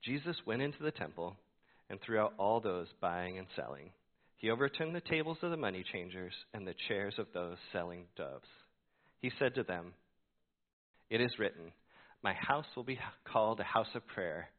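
A man's voice: fairly low pitch, animated, normal speed. A man preaching a sermon as a pastor, telling a story and acting out his own reactions. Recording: tinny phone-like sound.

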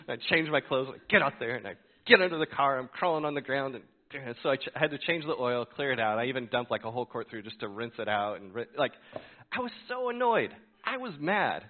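A man's voice: mid-range voice, lively intonation, brisk. A man preaching a sermon as a pastor, telling a story and acting out his own reactions. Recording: tinny phone-like sound.

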